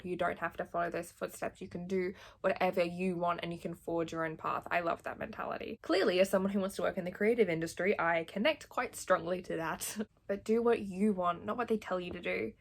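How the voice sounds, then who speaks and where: A woman's voice: on the low side, creaky. A young woman, reading a book aloud and chatting about it with gushing enthusiasm. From Australia. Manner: gushing, chatty, reads passages aloud then reacts. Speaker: book vlogger. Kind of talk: casual reading and commentary.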